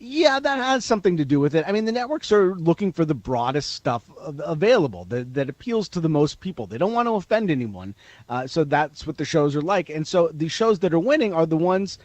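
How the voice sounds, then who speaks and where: A man's voice: a little high, big pitch swings, brisk, dry recording. A man reporting as an entertainment correspondent in a radio interview, chatty and laughing as he tells anecdotes.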